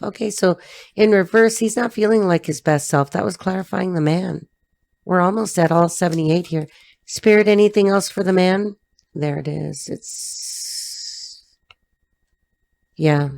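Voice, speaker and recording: A woman's voice: on the low side, a little slow, creaky, long pauses, a little mellow, no room sound. A woman from Southern California with a Southern Californian accent, giving a casual tarot reading in a blunt, profane, chatty way. She laughs often and acts out the characters in the cards. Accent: Southern Californian American. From Los Angeles, Southern California. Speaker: tarot reader.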